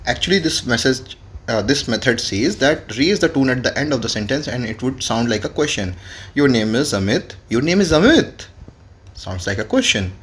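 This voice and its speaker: A man's voice: mid-range voice, expressive, normal speed, fairly bright tone. A man, teaching French grammar in a classroom lesson and spelling words out letter by letter. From India.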